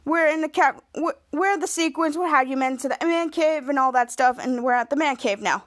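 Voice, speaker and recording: A woman with a high, bright voice recaps a TV episode in casual podcast chat. She rambles and restarts mid-sentence, stacking "and then" after "and then". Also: a little fast. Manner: rambling retelling with restarts, acting out quoted lines. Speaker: podcast host.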